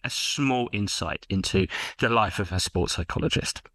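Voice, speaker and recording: A man in a podcast interview, explaining his work as a sport psychologist in a measured way. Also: lowish voice, lively intonation, a bit bright, dry recording. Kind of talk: casual interview.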